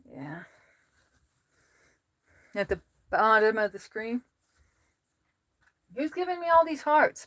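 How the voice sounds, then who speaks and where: An American woman livestreams from home, chatting casually, reading viewer comments out loud, and laughing often as she talks to her cats. Her voice is a little high and a bit bright, recorded dry.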